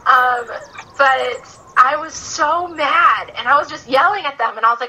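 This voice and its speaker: Bright-voiced chatty woman storyteller. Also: high voice, measured pace, low-quality recording. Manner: animated, chatty, frequent "like" fillers. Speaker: podcast guest. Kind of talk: casual storytelling.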